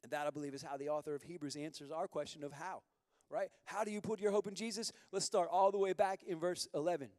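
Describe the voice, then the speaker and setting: A man preaching a sermon as pastor, candid and conversational, moving from quiet confession to loud bursts. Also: on the high side, fairly even intonation, fast talker, dry recording, studio quality, long reverb tail.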